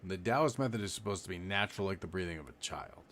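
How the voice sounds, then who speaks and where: A man with a very low voice guides a breathing exercise over a live stream. He talks in a loose, rambling way, demonstrating as he explains. A faint hiss sits under the recording. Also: quick pace. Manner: relaxed, rambling, demonstrates while talking. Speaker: livestream meditation teacher. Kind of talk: casual live-stream instruction.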